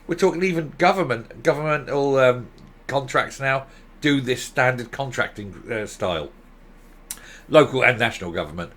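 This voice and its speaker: A man delivers an opinionated political vlog with sarcasm and exasperation, breaking into mocking asides. His pitch moves a lot, and his tone is bright and forceful. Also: sing-song, normal speed. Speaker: political commentator.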